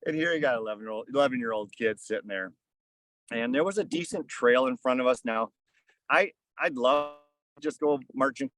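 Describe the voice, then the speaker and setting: A man guest on a podcast telling a story casually, rambling with many fillers and hushing his voice for quoted asides. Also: medium pitch, no room sound, rough recording. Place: outdoors on a fishing boat.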